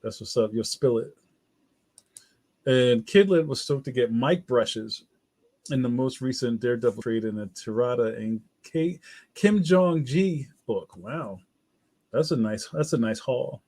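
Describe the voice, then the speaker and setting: A man's voice: medium pitch, animated, unhurried, darkish tone. Laid-back slangy man hosting a livestream. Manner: laid-back, slangy, reads viewer comments aloud. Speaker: livestream host. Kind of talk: casual livestream chat.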